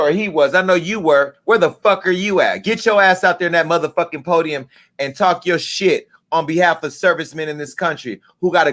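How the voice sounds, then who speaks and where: A man's voice: a little high, a bit bright. A middle-aged man hosting a live show, delivering an angry, profane, emphatic rant. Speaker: host. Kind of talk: impassioned live-stream rant.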